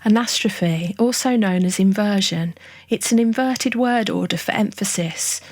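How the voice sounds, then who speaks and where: Measured woman narrating a songwriting lesson. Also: mid-range voice, a little mellow, no room sound. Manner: clear, measured, list-like explaining. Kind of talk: scripted educational narration.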